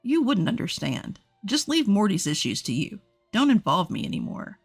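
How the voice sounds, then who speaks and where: A man's voice: high-pitched, wildly swooping pitch, normal speed, gravelly, breathy edge, faint music behind, full character voice. A woman voicing a cold, curt husband. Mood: dismissive. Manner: curt, brushing off. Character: cold dismissive husband, adult man.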